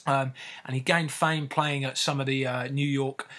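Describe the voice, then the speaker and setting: A man telling a story in casual podcast chat, laughing often and filling pauses with ums and uhs. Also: medium pitch, level tone, fairly bright tone, a little hiss or hum.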